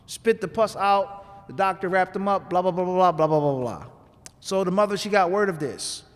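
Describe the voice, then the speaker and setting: A man gives a sermon in a conversational storytelling manner, often asking the listeners rhetorical questions. His voice sits high. The recording has a long reverb from a mosque hall. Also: moderate pace. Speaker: imam giving a talk.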